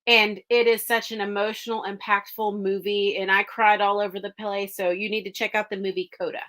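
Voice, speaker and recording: A woman's voice: mid-range voice, flat delivery, brisk, fairly bright tone. A woman co-hosting a podcast, chatting casually and emotionally about movies she loved. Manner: gushing, emotional, enthusiastic. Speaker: podcast co-host. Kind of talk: casual movie review chat.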